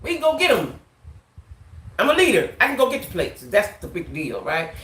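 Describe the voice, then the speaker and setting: There's an echo in the room as a woman tells her viewers a story, her mid-range voice bright and forward. She's animated and casual, a vlogger who frequently ends lines with a quick "right?".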